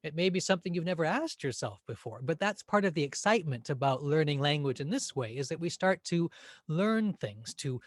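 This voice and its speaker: Lively, patient male grammar teacher. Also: fairly high pitch, a little fast, no room sound. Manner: gentle, patient, demonstrates words by exaggerating them. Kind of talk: spoken English lesson.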